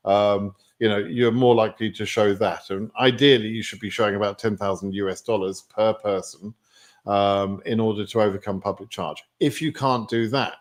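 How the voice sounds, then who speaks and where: A man from England with a lowish voice and steady tone answers viewer questions on a live stream at a moderate pace. His English-accented replies are chatty and full of fillers.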